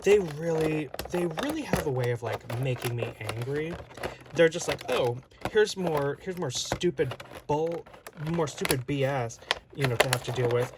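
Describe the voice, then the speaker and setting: A man's voice: mid-range voice, very noisy. A man chatting casually while unboxing and reviewing an action figure, rambling and often interrupting himself. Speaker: toy reviewer.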